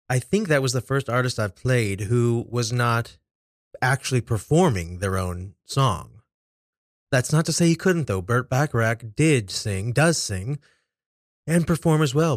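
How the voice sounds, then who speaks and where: A man's voice: mid-range voice, dry recording, clean studio sound. A man hosting a music list show, talking casually with playful, jokey asides between songs.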